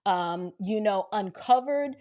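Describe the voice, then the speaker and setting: A woman from Georgia telling a story in lively casual speech, acting out the dialogue and talking to listeners as y'all. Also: mid-range voice, takes it slowly. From Georgia, near Atlanta. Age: adult with children. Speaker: storyteller recounting an encounter.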